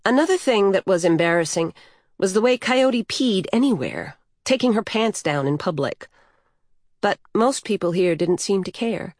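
In this scripted audiobook narration of a novel, a woman keeps a steady, even storytelling pace. Her pitch is medium, and the recording is dry and cleanly studio-made.

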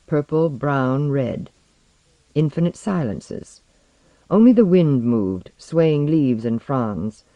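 Lively, measured audiobook narrator. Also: mid-range voice, dry recording. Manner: measured, lyrical reading. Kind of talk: scripted narration.

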